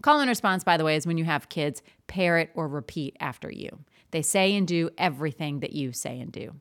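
Woman, art teacher, podcast host, lowish pitch, chatty, animated, casual monologue. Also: a little fast. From Southern US. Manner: chatty, animated, demonstrates classroom call-and-response.

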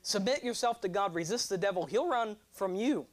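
A young man preaching a sermon, animated and joking, drawing responses from his congregation. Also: sits high, fairly quick. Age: 20s. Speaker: pastor.

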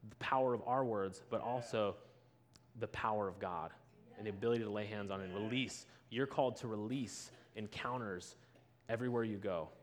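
Animated man preaching through a story. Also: lowish voice, moderate pace. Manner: animated storyteller acting out both sides of a conversation. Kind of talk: storytelling sermon.

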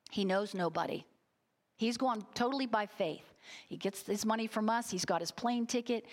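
A middle-aged woman preaching a sermon, telling a story with emphatic, heartfelt delivery and getting choked up at times. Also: on the high side. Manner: storytelling, emphatic, gets emotional.

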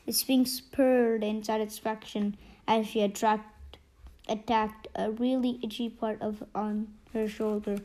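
A woman's voice: on the high side, unhurried, darkish tone, poor audio. A woman narrating a children's storybook steadily, with small slips. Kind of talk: storybook reading.

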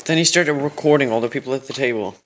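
A teenage guy co-hosting a podcast, speaking in an offhand, stop-start way with plenty of filler. His voice sits at an ordinary mid pitch, with a faint hiss in the background. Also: fairly bright tone. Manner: offhand, halting with many likes. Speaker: podcast co-host. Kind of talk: casual chat.

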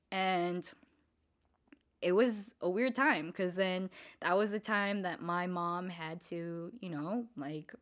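A young woman from Southern California casually telling a personal story, swearing freely and filling her talk with "like" and "you know.". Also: lowish voice. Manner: casual, profane, lots of filler words.

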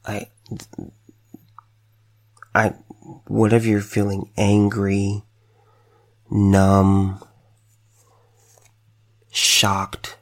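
A man's voice: fairly low pitch, completely flat delivery, drawn-out words, pauses often. A man speaking emotionally to the camera, stammering and repeating words as he struggles to hold back tears. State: choked up, fighting back tears. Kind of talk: emotional direct-to-camera commentary.

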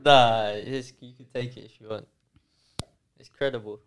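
A man's voice: mid-range voice, fairly even intonation, moderate pace, clear, resonant tone, dry recording. A young man co-hosting a podcast, talking casually and hesitantly while thinking aloud. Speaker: podcast co-host. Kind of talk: casual chat among friends.

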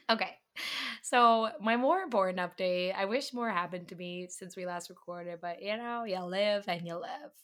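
A woman's voice: medium pitch, a little slow, a bit bright. Chatty young woman laughing through stories. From northern United States. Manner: chatty, self-deprecating, laughs often. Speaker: podcast co-host. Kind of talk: casual chat.

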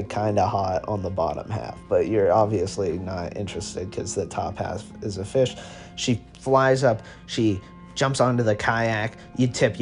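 Low-voiced, rambling, cursing male storyteller. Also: a little mellow. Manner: rambling, profane, self-interrupting. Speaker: podcast host. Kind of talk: comedic second-person storytelling.

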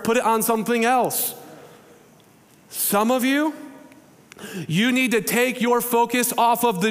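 High-voiced pastor preaching in a hall. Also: male voice. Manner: conversational, animated storytelling with quoted voices. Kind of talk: sermon. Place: church sanctuary.

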